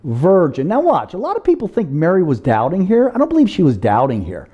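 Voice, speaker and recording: A male pastor delivers a chatty, interactive sermon, his voice rising and falling with a lively swing. The tone is mellow and warm rather than bright. He breaks in with casual asides and asks his congregation to call out answers. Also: on the high side, fairly quick, husky. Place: church service.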